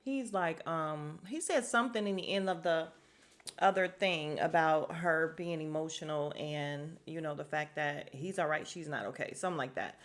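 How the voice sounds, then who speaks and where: A woman's voice: deep voice, moderate pace. A young woman from Chicago hosting a podcast, giving a blunt, sassy recap of a reality dating show and talking straight to her listeners. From Chicago, USA. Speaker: podcast host.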